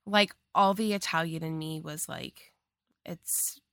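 A woman co-hosts a casual podcast chat, blunt and joking, with a bright, edgy voice. She uses lots of "like." The recording is dry, close and free of echo. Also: sits low, steady tone, normal speed. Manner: blunt, joking, heavy use of like. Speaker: podcast co-host.

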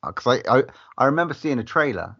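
A man hosting a casual podcast chat, quick to react with laughs and swearing. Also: mid-range voice, sing-song, bright, forceful tone, husky, dry recording, highs cut off.

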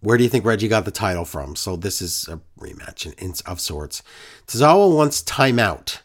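A man's voice: on the low side, big pitch swings, moderate pace. A man co-hosting a casual wrestling recap podcast, ranting in a sarcastic, exasperated way.

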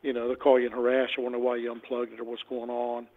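A man's voice: mid-range voice, monotone, fast. A man calling in to a radio show and telling rambling stories about scam calls, repeating his words and acting out both sides. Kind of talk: casual phone-in chat, storytelling. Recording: tinny phone line.

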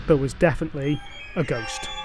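A man narrating a folk tale with a measured, dramatic and wryly humorous delivery. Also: on the high side, loud music behind the voice. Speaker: storyteller. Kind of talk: scripted storytelling narration.

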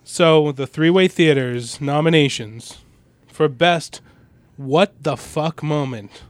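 A man's voice: on the high side, slow, no echo. Man hosting a comedy award show. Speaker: podcast co-host presenting awards.

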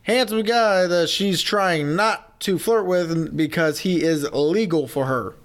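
A man co-hosting a casual movie review chat in a somewhat high voice. He drops short, dry wisecracks and corrects his partner offhandedly. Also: unhurried. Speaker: podcast co-host.

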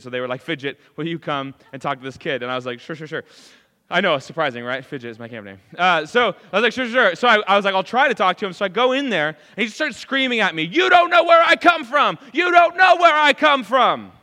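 A man preaching a sermon in an animated way, acting out lines of dialogue as he goes. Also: fairly high pitch, in a large hall.

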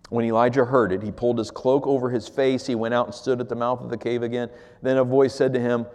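A man preaching a sermon as pastor, swinging between loud emphasis and near-whispers. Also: medium pitch, little pitch movement, fast. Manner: swings from loud to hushed, acts out quoted voices. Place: church sanctuary. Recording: long hall reverb.

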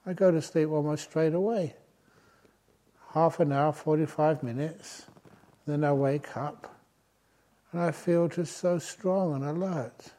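An older man giving a relaxed dharma talk as a meditation teacher, telling gentle, humorous stories with soft chuckles. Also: a little high, a little slow, long pauses. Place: retreat centre meditation hall.

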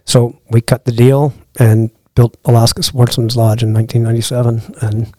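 At normal speed and a medium pitch, with no room sound, the middle-aged lodge owner tells a long, casual anecdote on a podcast. He's a lively storyteller who acts out each person's dialogue.

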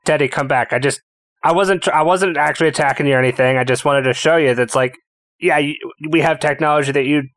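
A man's voice: a little high, fast talker, a bit bright, no room sound. A man playing a tabletop game, stammering and restarting as he speaks in character. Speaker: player. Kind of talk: casual tabletop role-play.

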